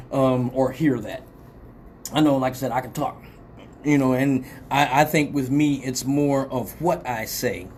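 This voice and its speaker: A man's voice: mid-range voice, a little hiss or hum. A man hosting a casual live show, rambling loosely and swearing freely after a few drinks. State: tipsy from drinking. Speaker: host.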